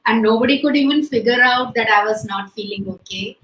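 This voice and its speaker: A woman's voice: fairly high pitch, fairly quick, fairly bright tone, roomy sound, a little hiss or hum, rough recording. A woman in her late forties with an Indian English accent, telling a personal story in an interview, full of "like" and "you know" fillers. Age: late 40s. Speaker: guest. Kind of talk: conversational interview over video call.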